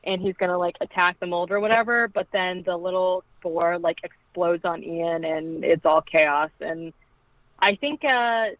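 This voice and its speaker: A woman co-hosting a podcast casually recaps a film, chatty and full of "like," acting out the quoted lines. Her voice is fairly low and her pace measured. The line sounds tinny and phone-like, dry with no room sound.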